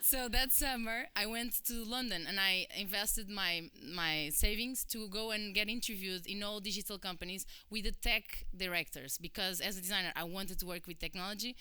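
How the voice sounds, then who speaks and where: A Portuguese woman in her thirties gives a chatty, personal conference talk in a Portuguese accent, acting out quoted voices and using many fillers. Her mid-range voice is smooth and animated, moving at normal speed with hardly any pauses, and there's no room sound.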